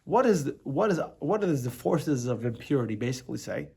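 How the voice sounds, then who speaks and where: A man's voice: medium pitch, big pitch swings, fairly quick, creaky, a little mellow, slightly rough. A middle-aged American rabbi teaching a casual class, talking loosely, restarting his sentences and checking in with the room. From United States. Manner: conversational, repeats words and restarts, asks the room "right?".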